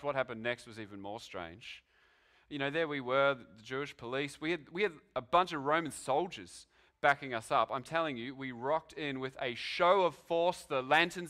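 A man's voice: fairly high pitch, bright, forceful tone, pitched above the performer's own voice. A man voicing a flustered male police officer who stammers while reporting a strange arrest to his sergeant. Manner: stammering, bewildered retelling. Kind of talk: sermon storytelling in character.

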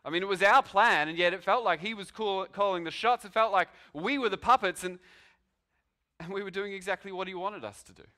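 A man's voice: high-pitched, fairly quick, bright, forceful tone, voice pushed up. A man voicing a flustered male police officer who stammers while reporting a strange arrest to his sergeant. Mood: bewildered. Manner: stammering, bewildered retelling. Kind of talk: sermon storytelling in character.

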